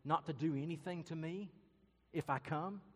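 A man's voice: fairly high pitch, moderate pace, fairly bright tone, in a large hall, pitched above the performer's own voice. A man voicing a frightened, thirsty young girl who pleads timidly and hesitantly. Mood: timid pleading.

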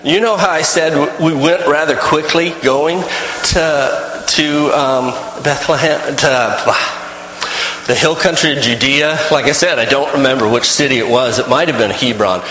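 A man's voice: a little high, normal speed, fairly bright tone, echoey room, in a large hall, a little hiss or hum, rough recording. A man telling a first-person story in character, rambling and folksy, with many restarts.

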